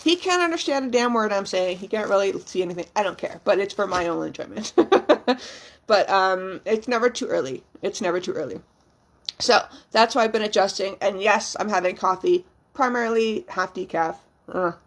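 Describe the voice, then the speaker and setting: A woman's voice: mid-range voice, animated, moderate pace. A young woman vlogging as a new mother, talking candidly and emotionally, rambling with frequent ums and casual swearing. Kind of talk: casual, candid vlog chat.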